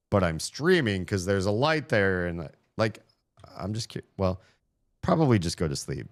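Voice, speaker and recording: A man in his thirties chatting casually on a live stream, rambling and self-mocking, laughing often. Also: low-pitched.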